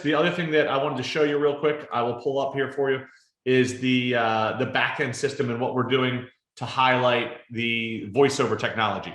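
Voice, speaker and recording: A man presenting a casual screen-share product demo, explaining in a relaxed way with lots of fillers and tag questions. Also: mid-range voice. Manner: relaxed, filler-heavy explaining with frequent "right?". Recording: roomy echo.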